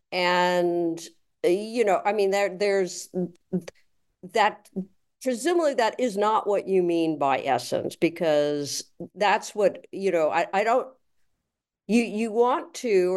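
A woman's voice: lowish voice, takes it slowly, darkish tone, clean tone. A woman hosting an interview, asking long, rambling questions full of fillers. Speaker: podcast host.

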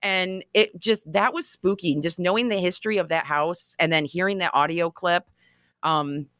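Woman guest, low voice, dry close sound, chatty and animated storyteller. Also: moderate pace, dry recording. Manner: animated, chatty, laughs often. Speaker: author and guest. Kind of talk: conversational storytelling interview.

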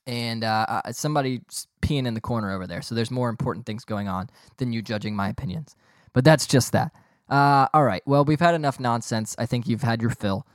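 A man's voice: medium pitch, lively intonation, a little fast, no echo, clean studio sound. A young man hosting a podcast, rambling and joking in a boastful, casual way. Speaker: podcast host.

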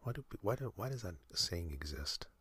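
A man hosting a sleep podcast, talking in a soft breathy whisper, slow and meandering with many fillers. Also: sits low, very animated, no echo. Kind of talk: rambling whispered sleep talk.

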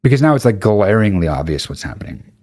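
A young man with a fairly low voice tells a rambling comic story full of swearing and deadpan asides. The recording is dry and close, with no room sound. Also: quick pace, dry recording. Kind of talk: casual comic anecdote.

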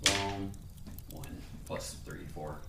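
Deep-voiced male player, animated pitch, far from a roomy mic with noise. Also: extremely slow. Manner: easygoing, laughs while talking. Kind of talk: tabletop game play.

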